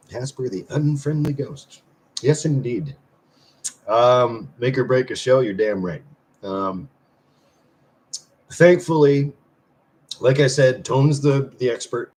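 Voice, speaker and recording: A man hosting a casual live stream and chatting loosely with viewers. He swears freely, rambles with restarts, and swings between loud bursts and mumbled asides. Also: mid-range voice, takes it slowly, long pauses. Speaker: livestream host; semi-retired musician.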